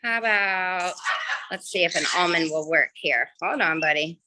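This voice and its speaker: A woman's voice: fairly low pitch, moderate pace. A woman directing a parrot rescue, giving a chatty walkthrough tour on a video call with lots of filler ums and sweet baby talk to the birds. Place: indoor bird rescue room. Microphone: phone or laptop on a video call. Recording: loud bird noise over a call. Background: loud squawking and chirping birds.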